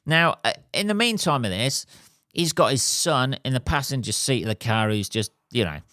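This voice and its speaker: A man's voice: medium pitch, normal speed, no echo, studio quality. Sweary man ranting on a podcast. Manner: sweary, animated ranting storyteller. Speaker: podcast host. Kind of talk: casual monologue.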